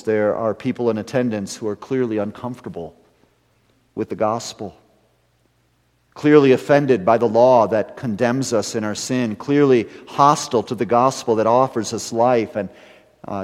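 A man preaching a sermon as pastor, building to emphatic rises and then dropping to hushed, serious lines. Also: medium pitch. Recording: long hall reverb.

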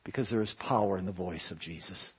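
A man preaching a sermon in a dramatic way, dropping to hushed tones and then building to loud, emphatic peaks. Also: sits low, a little fast, husky. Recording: long hall reverb, dull lo-fi sound.

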